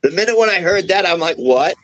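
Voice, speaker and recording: High-voiced man telling a profane story. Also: quick pace, muffled recording. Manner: profane, animated, acts out quoted dialogue. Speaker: wrestler guest. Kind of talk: casual podcast storytelling.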